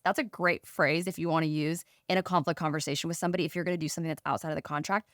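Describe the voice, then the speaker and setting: A woman's voice: low voice, rapid-fire, hardly any pauses, dry recording, studio quality. A woman co-hosting a podcast, giving casual advice and acting out conversations in quoted voices. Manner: animated, acts out quoted conversations. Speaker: podcast co-host.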